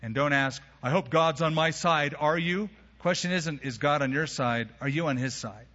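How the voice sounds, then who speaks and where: A preacher man with a bright, forceful, slightly high voice tells the story to his congregation, slipping into the characters' lines with casual modern phrasing. His voice rings with a long reverb in a large hall, and the sound is a little dull. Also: moderate pace. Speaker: pastor. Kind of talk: sermon.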